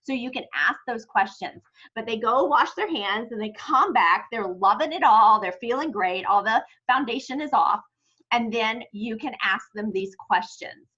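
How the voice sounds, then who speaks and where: Husky-voiced woman on a dull recording. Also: fairly high pitch, lively intonation, normal speed, sharp tone. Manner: chatty, self-correcting, tells stories of her own practice. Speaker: sales trainer. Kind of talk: training talk to a sales team.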